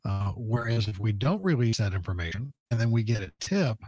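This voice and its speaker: A man's voice: on the low side, lively intonation, brisk, darkish tone, no echo. A middle-aged man, a police public information officer, explaining a case earnestly as a radio interview guest, with many "uh" fillers.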